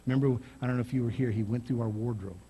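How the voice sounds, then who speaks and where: A male pastor preaching a sermon, telling stories with loud, emphatic rises. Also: medium pitch, steady tone, very fast, slight background noise.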